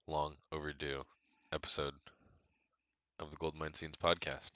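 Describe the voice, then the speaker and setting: A young man hosts his own podcast from his apartment. His voice sits extremely low but has a bright, forceful edge. He rambles in a candid, self-deprecating way, full of fillers, and the sound is dry and close. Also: flat delivery, a little slow, dry recording, muffled recording. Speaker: podcast host. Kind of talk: casual solo podcast chat.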